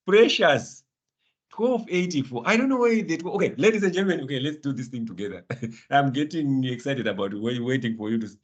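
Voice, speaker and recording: Man, lecturer, animated, encouraging, laughs often. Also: medium pitch, a little fast, dull audio. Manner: lively, encouraging, calls students by name, laughs often. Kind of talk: live online finance class.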